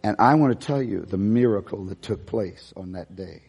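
A man's voice: on the low side, moderate pace, gravelly, few pauses, a little mellow, breathy edge, in a large hall. A man preaching a sermon as a pastor, telling a personal story, dropping to near-whispers and rising to emphatic peaks.

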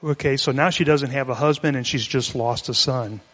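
A man's voice: medium pitch, moderate pace, a bit bright. Man preaching in a reverberant hall. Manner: conversational, explanatory, with restarts. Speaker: pastor. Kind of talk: sermon.

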